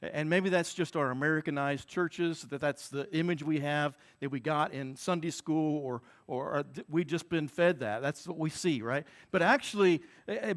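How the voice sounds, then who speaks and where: A man with a high-pitched voice preaching a Sunday sermon. He talks earnestly and circles back to repeat key words and phrases to drive them home. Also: fairly bright tone. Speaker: pastor.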